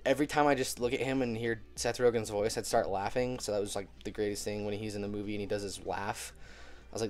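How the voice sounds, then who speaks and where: A man's voice: on the low side, fairly even intonation, quick pace, a little mellow, faint music behind. A young man with a cold talking casually in a movie review vlog, chatty, filling his talk with "like" and laughing easily. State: getting over a cold.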